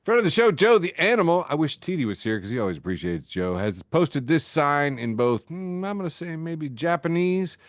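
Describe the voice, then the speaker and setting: Laughing podcast host with dry sound. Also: male voice, fairly high pitch, lively intonation, normal speed, few pauses, dry recording. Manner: laughs often, reads jokes aloud. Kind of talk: casual chat reading social media posts. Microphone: video call mic.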